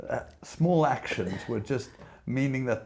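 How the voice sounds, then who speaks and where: A man's voice: mid-range voice, expressive, unhurried, creaky, a little mellow. A South African man hosting a book club interview, thoughtfully drawing out and building on his guest's stories. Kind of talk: conversational interview.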